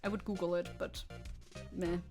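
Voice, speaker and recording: A woman's voice: lowish voice, flat delivery, mellow, faint music behind. A young woman streaming a game, chatting casually with her chat and laughing often. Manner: giggly, chatty, quick to laugh. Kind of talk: casual gameplay commentary.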